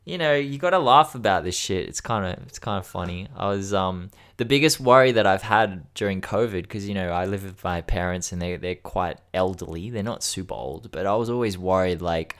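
A man's voice: low voice, a little fast, hardly any pauses, fairly bright tone, clear, resonant tone. A man in his thirties chatting casually as a podcast co-host, frank and joking about hard things, swearing freely. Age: 30s. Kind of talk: casual chat.

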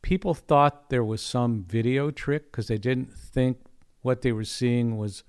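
An older man from Ohio, a guest musician telling a story with animated energy. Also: medium pitch, a little slow, clean tone. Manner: animated storyteller, laughs often, acts out quotes. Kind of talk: conversational storytelling.

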